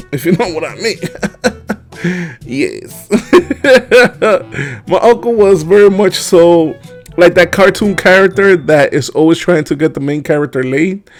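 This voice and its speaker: A man from the Dominican Republic telling a comedic childhood story, animated and laughing often with casual fillers. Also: high voice, a little slow, faint music behind.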